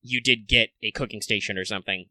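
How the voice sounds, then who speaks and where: Bright dry-voiced game master, rambling. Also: male voice, fairly low pitch, fairly even intonation, fast, no echo. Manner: rambling, many fillers and restarts. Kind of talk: narrating a tabletop game.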